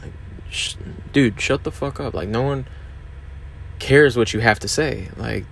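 A man's voice: mid-range voice, vocal fry, lightly acted. A man acting out a hostile male inner critic voice that taunts and swears at him. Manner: swearing, taunting, rising to a shout.

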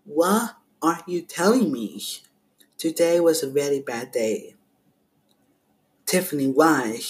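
A man's voice: on the high side, expressive, slow pace. A man hosting a podcast, casually reading a text-message horror story aloud, naming each sender before the message and breaking off to chat with listeners, recorded at home on a headset mic. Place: at home with household noise around.

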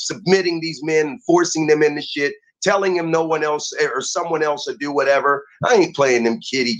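A man's voice: mid-range voice, fairly bright tone, poor audio. A man ranting heatedly and profanely as a guest on a talk show.

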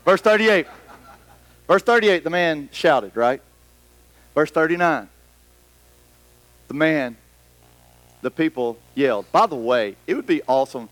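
Male pastor, high-pitched, dry close sound, lively conversational sermon. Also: a little slow, pauses often, dry recording, rough recording. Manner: animated, conversational preaching with quoted voices. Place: church.

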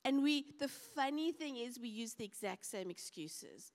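A woman's voice: fairly high pitch, lively intonation, moderate pace. A woman preaching a sermon, telling stories animatedly and acting out the voices of the people in them. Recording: reverberant hall.

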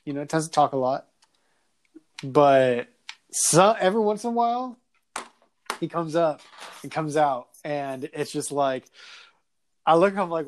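Laughing, animated male podcast host. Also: a little high, measured pace, long pauses. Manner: animated storytelling, laughing often, crude. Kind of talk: casual chat.

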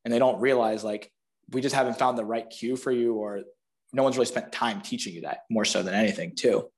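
A man's voice: mid-range voice, fairly even intonation, brisk. Rambling man in a podcast chat. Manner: rambling, heavy use of "like". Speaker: guest, physical therapist.

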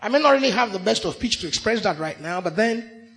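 A man with a Nigerian accent preaching a sermon in church, emphatic, swinging from shouts to hushed asides. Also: high voice, lively intonation, fast talker, vocal fry. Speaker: pastor.

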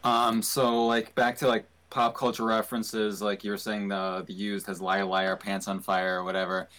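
Hesitant low-voiced man, bright tone. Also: level tone. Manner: hesitant, halting, many restarts. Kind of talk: casual podcast chat.

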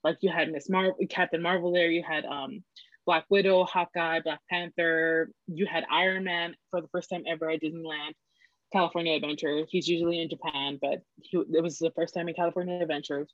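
This woman in her twenties guests on a podcast, telling a story in casual chat with lively acted-out dialogue and many filler words. She talks briskly in a low voice. The lo-fi recording is dull and dry.

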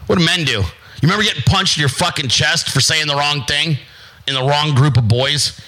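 Middle-aged guy ranting crude and blunt, real bright sharp tone. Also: on the high side, fairly quick, rough recording. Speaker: host. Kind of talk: profane ranting monologue.

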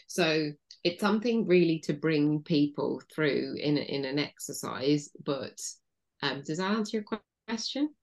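A woman with a notably low voice talks as a podcast guest, explaining her ideas patiently. She leans on "you know" as she thinks aloud and walks listeners gently through a body-awareness exercise. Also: unhurried. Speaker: guest, intuition coach. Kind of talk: explanatory interview talk.

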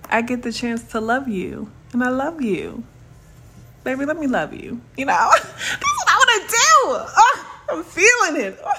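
A young adult woman hosting a casual solo podcast, chatty and animated, laughing often and calling her listeners baby and y'all. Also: on the high side. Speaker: podcast host.

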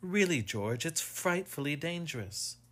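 A man voicing a calm, proud middle-aged wife who talks quietly and scolds lightly, reading from a storybook. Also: fairly high pitch, a little slow, pitched above the performer's own voice, full character voice. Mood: scolding.

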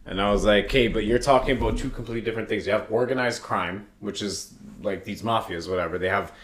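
Young man from Toronto, profane, animated, laughs often, lowish voice. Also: fast talker. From Toronto, Canada. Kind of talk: casual chat.

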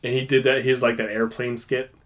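A man's voice: mid-range voice, level tone, brisk. A man hosting a podcast, chatting casually and retelling a comedy bit in a loose, rambling way full of "like". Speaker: podcast host. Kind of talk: casual chat.

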